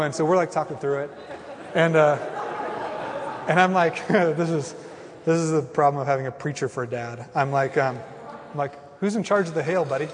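A man in his thirties, a pastor preaching a sermon in an animated, conversational way with acted asides. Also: medium pitch. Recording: reverberant hall.

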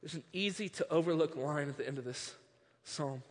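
A man preaching a sermon as pastor, moving between hushed storytelling and impassioned, near-shouted preaching. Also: fairly high pitch, a little fast, long reverb tail.

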